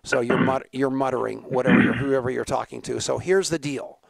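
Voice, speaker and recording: Gravelly joking talk-show host man. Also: medium pitch, fairly even intonation, brisk, no echo. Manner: jokey, laughs often, tells stories. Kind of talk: casual talk show banter.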